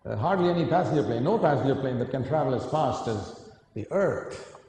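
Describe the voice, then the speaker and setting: A man's voice: mid-range voice, lively intonation, fairly quick, mellow. A man preaching a sermon, earnest and emphatic, often asking his listeners questions. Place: large hall. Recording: echoey hall, faint noise.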